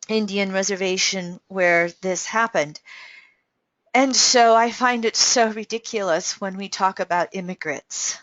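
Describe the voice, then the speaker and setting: Slow, earnest American woman astrologer. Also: medium pitch, fairly bright tone, no echo, highs cut off. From United States. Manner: unhurried, earnest, self-correcting. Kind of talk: astrology forecast talk.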